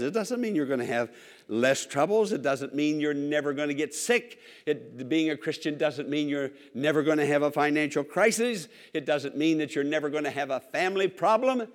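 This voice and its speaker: A man's voice: fairly high pitch, animated, moderate pace, some chatter behind. A man preaching a sermon to a congregation, emphatic and repetitive, calling for responses.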